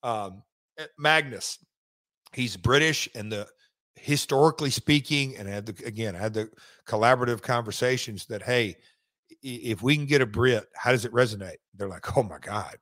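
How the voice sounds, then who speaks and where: A man's voice: medium pitch, normal speed, a bit bright, dry recording. A man being interviewed, telling a long story in a casual, rambling way with many restarts and asides. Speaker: wrestling executive guest.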